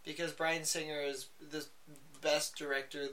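A man's voice: a little high, level tone, moderate pace, a crowd in the background. Rambling, profane man on a podcast. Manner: rambling, profane, lots of fillers and restarts. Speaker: podcast co-host. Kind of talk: casual chat. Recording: faint background noise, poor audio.

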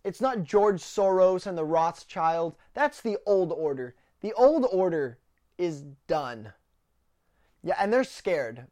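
A woman's voice: lowish voice, expressive, measured pace, a little mellow. A woman hosting a podcast, delivering heated political commentary full of swearing and stumbling, repeated words. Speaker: podcast host.

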